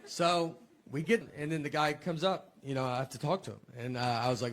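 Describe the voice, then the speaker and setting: Deadpan man, noisy recording. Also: on the high side, brisk, a crowd in the background. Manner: deadpan, self-deprecating, laughs through his own stories. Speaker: comedian. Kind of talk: casual comic storytelling. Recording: noisy background hiss.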